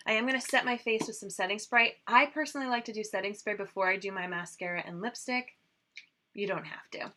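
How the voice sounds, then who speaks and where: Bright chatty woman host. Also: mid-range voice, fairly quick, a little hiss or hum. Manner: chatty, rambling, lots of fillers. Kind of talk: casual livestream makeup chat.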